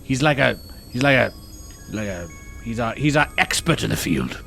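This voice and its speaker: A man speaking as a player in a tabletop game, hesitant and often pausing as he introduces his crew. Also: medium pitch, expressive, vocal fry, sharp tone, faint music behind. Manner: hesitant, full of pauses. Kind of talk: casual in-character play.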